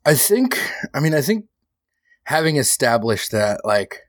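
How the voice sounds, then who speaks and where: A man's voice: mid-range voice, moderate pace, no echo. Casual man describing his character. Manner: casual, filler-heavy with "like" and "I think". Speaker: player.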